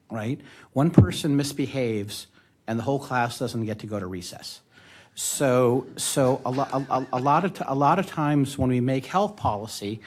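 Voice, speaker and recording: A man's voice: mid-range voice, darkish tone. A man on a discussion panel explaining a point with plain everyday examples, in a wry tone.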